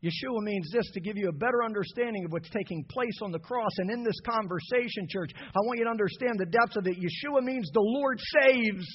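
A man preaching an impassioned sermon to his church, building from soft passages to shouted peaks. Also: high-pitched, a little fast, hardly any pauses, slight background noise. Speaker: pastor. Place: church sanctuary. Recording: dull lo-fi sound with long hall reverb.

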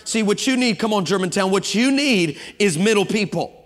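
A man preaching a sermon to a congregation, lively and humorous, building up to shouting passages. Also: high-pitched, moderate pace. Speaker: guest preacher. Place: church sanctuary with congregation. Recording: long hall reverb.

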